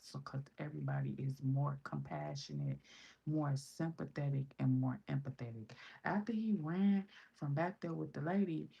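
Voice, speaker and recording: Low gravelly woman from Chicago, blunt. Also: dark tone, dull audio. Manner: blunt and profane, quotes others in raised voices. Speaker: vlogger. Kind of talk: casual vlog monologue.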